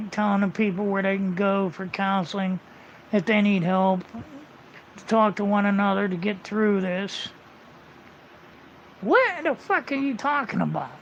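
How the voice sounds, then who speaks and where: Gravelly, high-voiced man ranting profanely. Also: a little hiss or hum. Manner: profane, rambling, blunt. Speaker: livestreamer. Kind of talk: casual ranting monologue. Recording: muffled lo-fi livestream audio.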